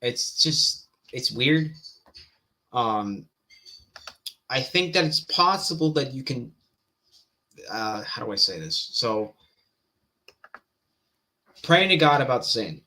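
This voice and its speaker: A man's voice: medium pitch, expressive, slow, pauses often, pushed and bright. A man giving casual, hesitant reaction commentary on a street preaching clip as a Christian apologetics commentator. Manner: hesitant, many restarts and fillers.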